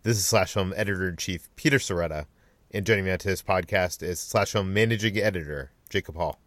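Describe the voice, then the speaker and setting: Low-voiced podcast host man. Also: fairly bright tone, no room sound. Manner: quick, loose, leading the talk. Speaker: podcast host, editor-in-chief. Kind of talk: casual podcast discussion.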